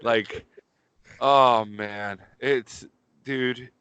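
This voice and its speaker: Rambling, profane Pittsburgh guy with a bright voice. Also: mid-range voice, steady tone, very slow, clear, resonant tone, muffled recording. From Pittsburgh, USA. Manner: profane, rambling, uses 'dude' constantly. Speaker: podcast co-host. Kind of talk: casual storytelling chat.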